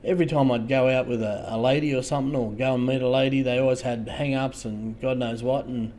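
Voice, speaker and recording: An Australian man hosting a casual livestream, talking to viewers in a halting way, repeating words and trailing off softly. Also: medium pitch, fairly even intonation, slight background noise. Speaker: livestream host.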